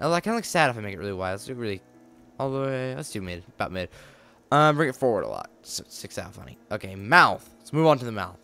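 A man chats his way through a video game in a smooth, resonant voice, goofy and playful as he invents silly backstories. Faint game music hums underneath his talk. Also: mid-range voice, a bit bright. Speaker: let's play gamer. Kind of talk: casual gameplay commentary.

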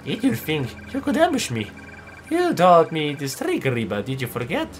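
A man's voice: fairly high pitch, wildly swooping pitch, moderate pace, slight background noise. A man voicing a cold, menacing male spirit villain who taunts and mocks, reading game dialogue aloud. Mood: taunting.

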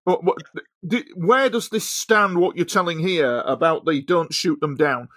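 A man's voice: a little high, unhurried, fairly bright tone, no room sound, studio quality. A man hosting an interview, cutting in politely and apologetically with long, hesitant questions. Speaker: podcast host.

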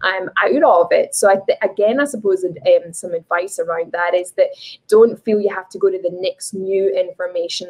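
A woman's voice: medium pitch, slightly rough, rough recording. A woman with a Scottish accent, talking casually as a guest in an interview, thoughtful and laughing easily. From Scotland.

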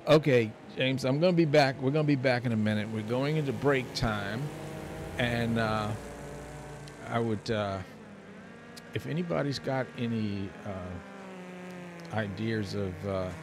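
A man's voice: medium pitch, animated, normal speed. A man hosting a late-night radio talk show, telling stories in an easygoing way and laughing at his own punchlines. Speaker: radio host. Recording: noisy radio broadcast.

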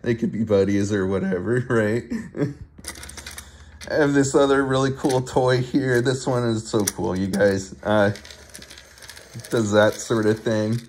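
A man casually showing off his toy collection, giggling often and talking haltingly with many fillers and restarts. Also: fairly low pitch, steady tone, a little mellow, a little hiss or hum. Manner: giggly, laughs often between phrases. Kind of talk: casual show-and-tell video.

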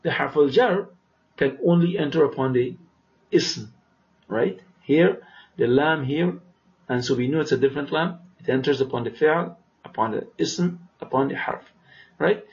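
A man with a fairly high, gravelly voice teaches vocabulary, saying each word slowly twice before explaining it. He keeps checking with his listeners, asking "right?". The recording sounds dull and lo-fi. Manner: asks "right?" to check understanding. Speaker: Arabic teacher. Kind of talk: vocabulary lesson.

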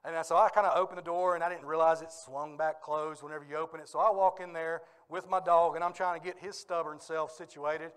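A male pastor preaching a sermon in a church, telling stories with lively energy and bursts of laughter. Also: on the high side, fairly quick, few pauses, clean tone. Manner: animated storytelling with bursts of laughter. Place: church sanctuary.

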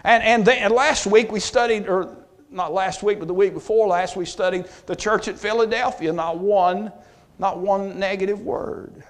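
A man preaching a Bible study, his voice sitting high for a man. He talks in a folksy, plain way, doubling back on his words, then pushes harder as he lands his key points. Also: normal speed. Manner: folksy, repeats and restarts, rises in force on key points. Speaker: pastor.

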